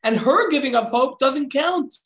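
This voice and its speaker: A man's voice: extremely high pitch, animated, moderate pace, fairly bright tone, pitched above the performer's own voice. A man voicing an elderly revered sage who explains and exhorts in an emphatic, fatherly way. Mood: exhorting.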